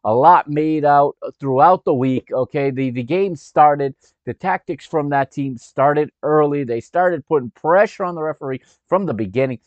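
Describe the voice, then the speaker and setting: A man hosts his sports podcast with a brash, mocking edge, poking sarcastic fun as he talks. His voice sits a touch high. The sound is dry and close, recorded at his workplace. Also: moderate pace, dry recording, highs cut off. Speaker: podcast host.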